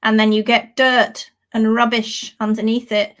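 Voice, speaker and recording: A woman teaching hoof care in a live demonstration, explaining with animated, playful storytelling. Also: a little high, a little slow.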